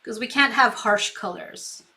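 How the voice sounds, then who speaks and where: Female craft streamer, chatty, giggly, slow pace, bright tone. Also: on the high side. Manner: chatty, talks to herself, giggles often; reads viewer comments aloud. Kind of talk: live painting tutorial chat.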